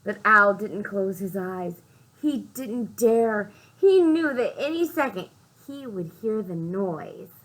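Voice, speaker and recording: A female librarian reads to small children from a picture book, speaking slowly with lots of expression, asking them questions and whispering for suspense. Her pitch is medium, her intonation lively, her tone a bit bright. The audio is poor.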